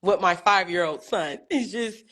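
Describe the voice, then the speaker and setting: A woman's voice: fairly low pitch, a little slow, a bit bright. A young woman calling into a live stream, talking in an emotional, rambling and effusive way. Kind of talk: casual chat.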